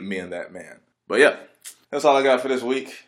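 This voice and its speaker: A man's voice: mid-range voice, animated, normal speed. A young adult man telling a casual story in a rambling, laid-back way, with lots of filler words. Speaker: vlogger.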